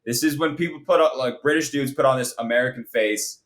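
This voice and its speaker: A man co-hosting a casual film review podcast, talking in animated rants. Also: medium pitch, fairly quick. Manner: animated, ranting, mocking impressions. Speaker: podcast co-host.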